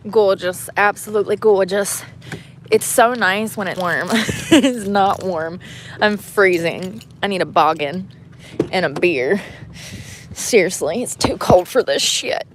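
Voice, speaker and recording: A woman's voice: medium pitch, a little slow, a little hiss or hum. A woman chatting casually into her phone outdoors by the water, swearing freely and laughing often. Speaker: vlogger. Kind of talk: casual outdoor vlog chat. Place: outdoors by the water on a cold day.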